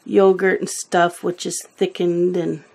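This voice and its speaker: Lady coloring and chatting, talks real slow, kinda rambly, loses her words sometimes. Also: lowish voice, flat delivery, creaky, a little mellow, breathy edge. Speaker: coloring video host. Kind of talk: casual chat while coloring.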